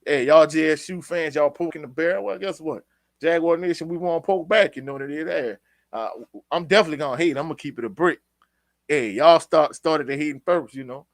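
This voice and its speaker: A man's voice: fairly high pitch, fairly quick, creaky, dry recording. A man hosting a casual sports live stream, reading viewer comments and giving his opinions in a laid-back, opinionated way. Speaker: sports show host reading live chat.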